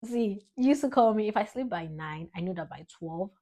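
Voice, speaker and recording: A young woman from Nigeria with a Nigerian English accent, speaking a rambling, heartfelt tribute to her father with sudden bursts of excitement. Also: mid-range voice, brisk. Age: young adult. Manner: emotional, rambling, animated spikes of excitement. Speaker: vlogger.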